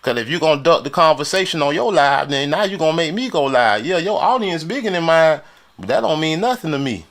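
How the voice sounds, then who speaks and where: A man's voice: fairly high pitch, expressive, brisk, fairly bright tone. A man from Florida on a live stream, arguing heatedly and boasting, with repetitive challenges and frequent laughter.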